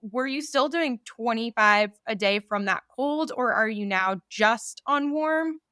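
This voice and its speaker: A woman co-hosting a podcast, excitable and slangy, talking casually with a guest. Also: fairly high pitch, measured pace, clear, resonant tone, no room sound, studio quality. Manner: excitable, slangy, says dude a lot. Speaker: podcast co-host.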